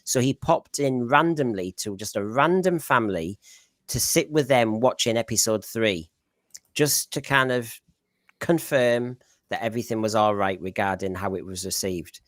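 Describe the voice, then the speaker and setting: A man's voice: lowish voice, normal speed, no echo, clean studio sound. A man with a Middlesbrough accent hosting a casual live panel chat, rambling as he reads out viewer comments. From Northeast England. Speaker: podcast host.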